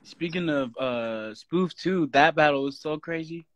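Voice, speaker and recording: A man's voice: on the high side, measured pace, dry recording. A man in a casual podcast chat, enthusiastic and often chiming in with short affirmations.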